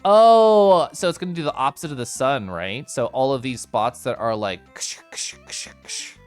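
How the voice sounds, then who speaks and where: Lively, giggly male streamer, faint music in the background. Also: mid-range voice, normal speed. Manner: bubbly, giggly, chatting with viewers. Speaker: game streamer. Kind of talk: casual live-stream chat.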